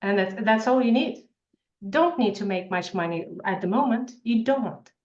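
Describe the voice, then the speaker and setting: A woman's voice: a little high, lively intonation, normal speed, a little mellow. A woman, an author and financial coach, giving a motivational interview in short, emphatic phrases. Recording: roomy, dull lo-fi sound.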